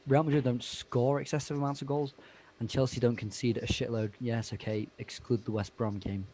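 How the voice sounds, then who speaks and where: A man's voice: medium pitch, little pitch movement, a little fast, dark tone. A man co-hosting a live sports watch-along, bantering casually with wry jokes. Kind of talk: casual live commentary chat.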